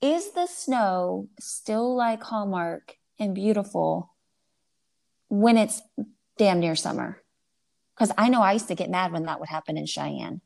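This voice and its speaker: A woman's voice: mid-range voice, lively intonation, unhurried, gravelly, darkish tone. A woman in her forties co-hosting a podcast, playful and teasing, slipping into silly voices. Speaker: podcast co-host. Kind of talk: casual chat.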